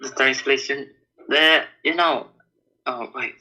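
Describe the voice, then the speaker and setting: A man's voice: mid-range voice, takes it slowly, bright, forceful tone, poor audio. A man calling in to an online debate, speaking hesitantly and nervously, stumbling as he reads. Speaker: caller. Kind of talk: debate call.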